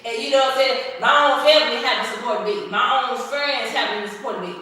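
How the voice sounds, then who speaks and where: Bright-voiced woman venting in an echoey room. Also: on the high side, quick pace. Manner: animated, profane, laughing often. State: tired and irritated. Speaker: stretching content creator. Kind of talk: casual vlog rant while stretching. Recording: echoey hall, voice far from mic.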